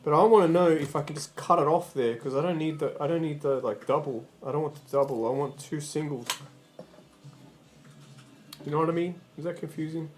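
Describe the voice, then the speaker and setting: A man's voice: fairly high pitch, a little fast, faint music behind. A man livestreaming in casual chat, rambling and swearing, often stammering and restarting his sentences.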